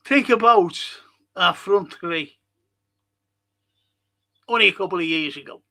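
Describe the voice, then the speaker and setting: Gravelly high-voiced streamer ranting. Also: male voice, measured pace, bright, forceful tone. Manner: heavy swearing, blunt exasperated rants. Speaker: football watch-along streamer reading chat. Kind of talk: live-stream football chat.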